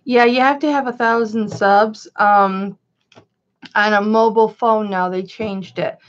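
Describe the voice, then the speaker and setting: A woman's voice: medium pitch, fairly even intonation, unhurried, muffled recording. A woman hosting a chatty livestream, greeting viewers by name and calling herself Mama. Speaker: live-stream host and reseller.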